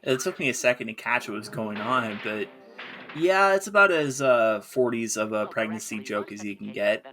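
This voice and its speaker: Measured man giving cartoon opinions. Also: on the low side, bright, forceful tone, a little hiss or hum. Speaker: podcast co-host reviewing cartoons. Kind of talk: casual chat.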